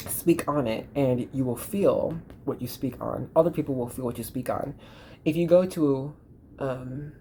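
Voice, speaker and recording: A woman giving a chatty, reassuring card reading. Her voice sits low and dark, with a husky, breathy edge. She often trails off mid-sentence and circles back. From Dallas, Texas. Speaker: tarot reader and spiritual channeler. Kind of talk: intuitive card reading to camera.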